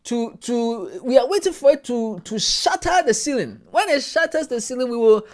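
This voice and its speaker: A man voicing a mock trading instructor with a put-on African accent, speaking high, halting and theatrical. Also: animated. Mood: mock lecturing. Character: exaggerated male trading teacher with a put-on accent.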